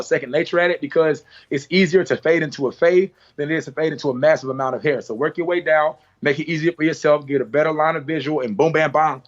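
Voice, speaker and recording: In a salon, a barber educator with a voice on the high side teaches a hands-on haircutting class. He talks through each move with repeated cues and playful sound effects. The audio is lo-fi.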